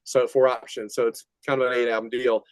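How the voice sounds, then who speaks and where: A man's voice: mid-range voice, a little fast, no echo. An older man, a metal musician guest, telling rambling stories in a casual interview and laughing often. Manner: rambling, laughing, animated retelling.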